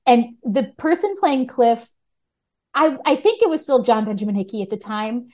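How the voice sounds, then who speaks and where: A woman talking as a podcast guest in casual chat, animated, with frequent restarts. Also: a little high, normal speed.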